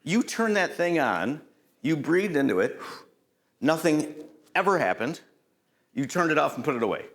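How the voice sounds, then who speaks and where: A man's voice: fairly high pitch, normal speed, pauses often. A middle-aged man giving a conversational safety lecture, quizzing the audience and tossing in "right?" as he tells stories from the job. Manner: storytelling with lively anecdotes. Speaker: safety trainer.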